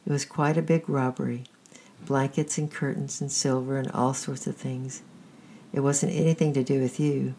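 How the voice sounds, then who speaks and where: A storyteller reading the lines of a kind grown man who speaks gently and reassuringly, in a creaky, husky voice. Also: mid-range voice, flat delivery, moderate pace.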